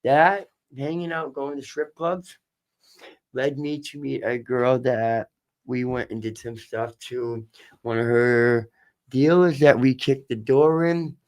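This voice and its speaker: A man's voice: medium pitch, fairly even intonation, slow, a little mellow. A man with a Boston accent telling his story as a podcast guest, candid and rambling, swearing and repeating himself. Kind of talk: casual storytelling.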